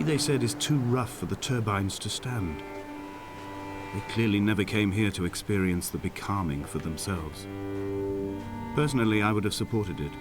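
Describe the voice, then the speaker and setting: A brooding lonely island narrator. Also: male voice, low-pitched. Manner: somber, reflective, measured. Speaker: game narrator. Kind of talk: scripted narration. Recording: game audio with loud music.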